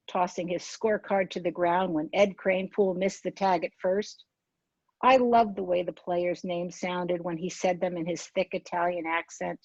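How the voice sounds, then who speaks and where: Lady in her 60s reading her memoir out loud, calm and steady, dry dullish recording. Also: fairly low pitch, vocal fry, no echo, muffled recording. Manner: measured, unhurried reading with small self-corrections. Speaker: author.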